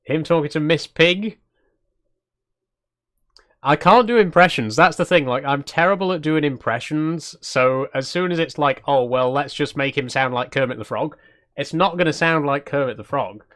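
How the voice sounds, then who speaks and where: A man's voice: on the high side, moderate pace, fairly bright tone. A man hosting a cozy game livestream in a casual, chatty way, laughing as he reads out chat suggestions and trailing off into self-deprecating asides. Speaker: streamer host.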